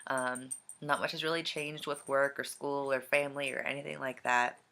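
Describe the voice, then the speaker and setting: A young man vlogging casually from home, with a slightly scratchy, gravelly voice and a hesitant way of talking full of ums. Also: mid-range voice, little pitch movement, normal speed, sharp tone. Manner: hesitant, many ums and trailing thoughts. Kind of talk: casual vlog chat. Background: dog and cat noises.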